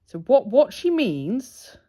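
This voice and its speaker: Brief: British woman, nail artist, chatty and giggly, lots of pitch movement. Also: big pitch swings, takes it slowly, warm tone. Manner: chatty, giggly, puts on silly voices in stories. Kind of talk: casual chat while working.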